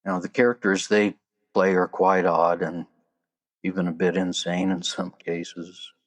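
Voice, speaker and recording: A man's voice: low-pitched, level tone, a little slow. A man hosting his own podcast, talking casually with chatty asides and a loose, conversational flow. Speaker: podcast host. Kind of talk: casual solo podcast talk.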